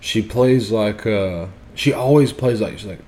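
Lowish-voiced young man reading articles aloud. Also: measured pace, a little mellow. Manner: reads articles aloud with sarcastic asides. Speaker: podcast co-host. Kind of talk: casual chat.

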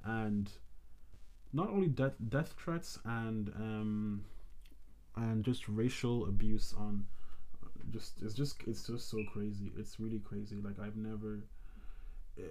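A man's voice: on the low side, fairly even intonation, takes it slowly, long pauses, dark tone. A man hosting a podcast, talking in a rambling, casual way with many restarts. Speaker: podcast host. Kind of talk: casual chat.

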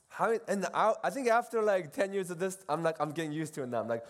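A middle-aged man and seminary professor giving a casual, animated talk at a retreat, moving between loud and soft as he acts out quoted voices. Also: high voice, quick pace, hardly any pauses. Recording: long hall reverb.

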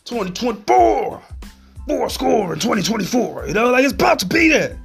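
A man's voice: very high-pitched, sing-song, moderate pace, vocal fry, soft background music. A man hosting a solo podcast, ranting in a heated, profane, rambling way. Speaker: podcast host.

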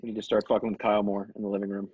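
A man co-hosting a podcast who talks fast and breaks in with wry asides. His voice is husky. It comes through a dull, lo-fi recording. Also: lowish voice, flat delivery, darkish tone, dry recording. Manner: quick wry interjections. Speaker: podcast co-host. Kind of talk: casual chat. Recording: dull lo-fi sound.

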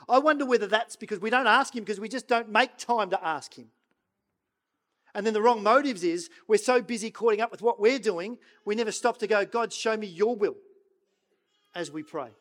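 A middle-aged pastor preaches in a fairly high voice for a man. He pushes hard on his points, then drops to a near-whisper for prayers and scripture. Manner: swings between loud urging and hushed, slow prayerful quoting. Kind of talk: sermon.

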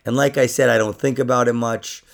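A man's voice: mid-range voice, fairly even intonation, fairly quick, vocal fry. A man hosting a podcast in casual chat, teasing his guest and swearing freely. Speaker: podcast host.

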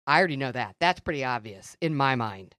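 A middle-aged woman co-hosting a faith podcast, telling stories and teaching in an earnest, animated way. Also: very deep voice, fairly quick, dry recording, studio quality. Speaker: podcast co-host. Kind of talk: faith-based conversational teaching.

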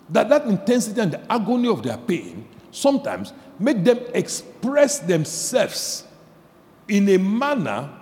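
A male pastor delivers a sermon with a high voice, moving between quiet asides and shouted emphasis. He repeats phrases and puts questions to the audience, and a long reverb tail trails his words.

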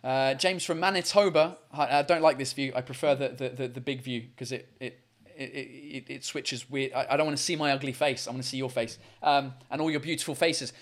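A man's voice: medium pitch, fairly even intonation, a little fast. A man hosting a live video call show, chatting in an upbeat way with callers and often stumbling over and repeating his words. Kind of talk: casual live-stream chat with callers. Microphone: computer mic on a video call.

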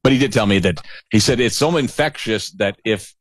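A middle-aged man rambles through a story in loose, profane chat with a sarcastic edge. His voice is fairly low and close to the mic, with a dry sound and no room echo. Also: fairly quick.

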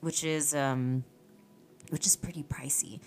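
A woman in easygoing podcast talk, spinning lively stories and swearing freely. Her voice sits a little low for a woman. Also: a little slow. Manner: animated storytelling with swearing and laughs. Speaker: podcast guest. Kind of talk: casual chat.

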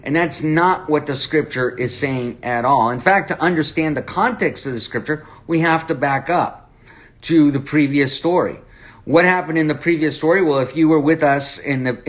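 Male Bible study teacher, higher voice, animated, conversational, acts out quoted lines.

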